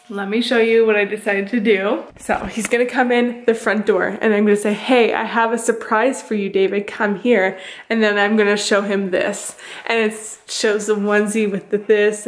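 A woman's voice: medium pitch, level tone, moderate pace, reverberant. A young woman vlogging at home, chatting to camera in a giggly, rambling way. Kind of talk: casual vlog chat to camera.

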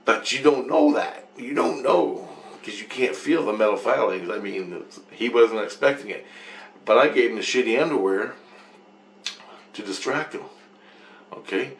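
Gravelly man, rambling spiritual monologue, profane, chuckling, echoey room. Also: mid-range voice, normal speed. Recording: echoey room with faint noise.

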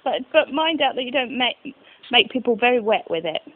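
A woman on an advice line who keeps giggling as she fights to keep a straight face. Her voice is high and lively. It comes through a thin, tinny phone line. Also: a little fast. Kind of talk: phone conversation.

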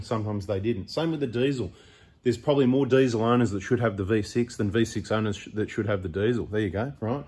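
Fairly low, a little mellow, and slightly rough, this voice belongs to a middle-aged Australian who runs a four-wheel-drive channel. He gives casual talking-head advice in a chatty, opinionated style that keeps wandering off into asides.

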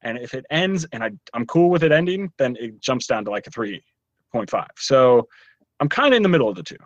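A man's voice: mid-range voice, very animated, a little fast, no echo, muffled recording. A man co-hosting a podcast, giving a casual, rambling TV review with lots of fillers. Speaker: podcast co-host reviewing a show.

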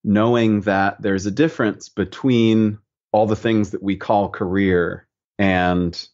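A man from the United States, a guest painter on a podcast, talking in a relaxed, reflective way and telling stories. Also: on the low side, slow pace, muffled recording. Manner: reflective, storytelling.

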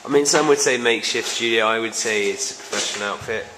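A man's voice: fairly low pitch, quick pace, noisy background. A man hosting a casual vlog, joking and rambling, sometimes mocking himself. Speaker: vlog host. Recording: echoey room with loud music behind.

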